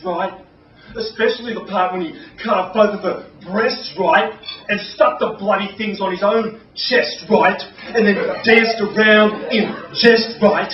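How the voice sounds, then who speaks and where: A man's voice: high-pitched, voice pushed up. A man performing a rhyming spoken-word piece as a bitter, sardonic male gladiator, in a mocking, rhythmic delivery. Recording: distant, roomy lo-fi live recording with ambient noise.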